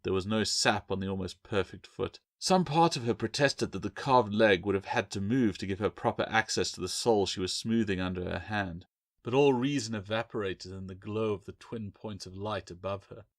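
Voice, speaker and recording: Author-narrator: low, even male voice, dry close sound, steady dramatic storytelling. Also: no room sound. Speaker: author reading own book. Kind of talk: audiobook narration.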